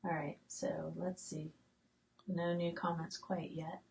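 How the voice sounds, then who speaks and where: A woman's voice: sits low, level tone, slow, creaky, a little mellow, recorded from a distance, a little hiss or hum, poor audio. A woman in her late forties hosting a casual live-stream chat from her homestead, reading out viewer comments with plenty of fillers and restarts. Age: late 40s. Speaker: homestead channel host.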